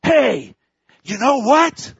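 A man's voice: very high-pitched, sing-song, drawn-out words, creaky, husky, no room sound, pitched above the performer's own voice, heavily acted. A man voicing a rude, grumpy talking parrot from a pet store in a joke, in a squawky put-on voice, recorded dull and dry. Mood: taunting.

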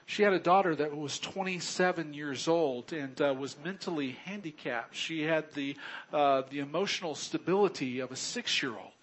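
A man preaching a sermon, earnest and unhurried, swinging between loud bursts and quiet low drops. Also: rough recording. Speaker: pastor.

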